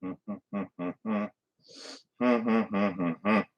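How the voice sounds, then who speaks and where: A man's voice: fairly low pitch, steady tone, extremely slow, rough recording. A man hosting a live stream, baking and grumbling to himself in casual, exasperated chat.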